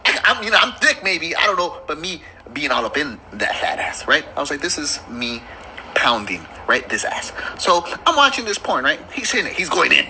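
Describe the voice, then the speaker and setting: A man doing stand-up storytelling, animated and laughing as he mock-pleads through his bit. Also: sits high, brisk, hardly any pauses, slight background noise. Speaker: comedian.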